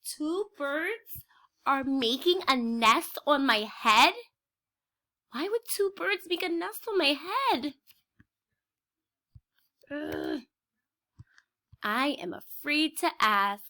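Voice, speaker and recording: A nervous, fussy male elephant from a children's storybook, read aloud by a woman. He frets and exclaims at every new surprise, in a high, bright voice that rises and falls a lot. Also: expressive, slow pace, long pauses, full character voice. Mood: worried. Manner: anxious, exclaims in alarm.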